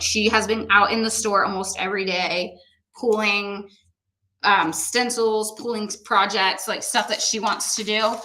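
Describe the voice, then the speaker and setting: A woman's voice: medium pitch, bright, forceful tone. A middle-aged woman co-hosting a painting livestream, chatting casually and cheerfully to viewers while she paints. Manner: chatty, upbeat, exclaiming to viewers. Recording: echoey room.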